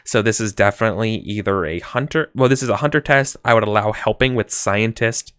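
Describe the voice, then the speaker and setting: A man's voice: on the low side, a bit bright, clear, resonant tone, dry recording. A man running a tabletop game as game master, talking casually with frequent self-corrections. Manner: casual, rambling, quick apologies and self-corrections.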